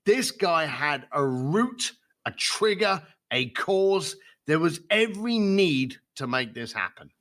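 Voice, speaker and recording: A man telling stories as a podcast guest, voice set a little high and very bright. He swings his pitch widely and acts out other people's voices as he goes. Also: very animated, takes it slowly. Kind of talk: storytelling in a podcast interview.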